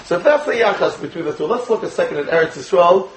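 High-voiced American rabbi lecturing. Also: male voice, lively intonation, quick pace, a little hiss or hum, rough recording. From United States. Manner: rhetorical questions to students, weaving in Hebrew and Yiddish terms. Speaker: rabbi teaching a class. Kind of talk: Torah lecture.

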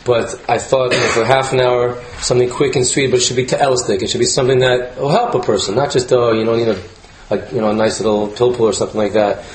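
A man's voice: mid-range voice, fairly even intonation, quick pace, few pauses, slight background noise. An American man, a visiting rabbi, giving a humorous, rambling Torah class to a live audience. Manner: joking, self-deprecating, rambling with fillers. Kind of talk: humorous casual Torah lecture. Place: lecture room with live audience. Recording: echoey room.

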